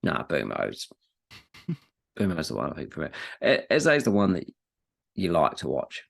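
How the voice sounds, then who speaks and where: A man's voice: deep voice, huge pitch swings, normal speed, gravelly. A man co-hosting a casual football podcast, rambling and repeating himself as he talks, with the odd casual swear word. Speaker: podcast co-host.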